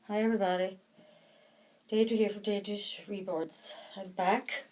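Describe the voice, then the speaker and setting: A woman vlogging in casual chat to the camera, out of breath, her talk soft and halting, often trailing off. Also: mid-range voice, steady tone, rough recording. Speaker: doll collector vlogger.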